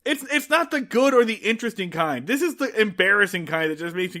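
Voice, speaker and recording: A man co-hosting a comedy podcast, excitable and stumbling over repeated words in casual chat. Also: high-pitched, fast talker. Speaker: podcast co-host.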